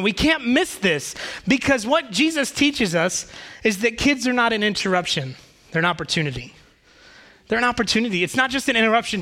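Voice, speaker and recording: High, bright-voiced male pastor. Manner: casual, joking, conversational. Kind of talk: sermon.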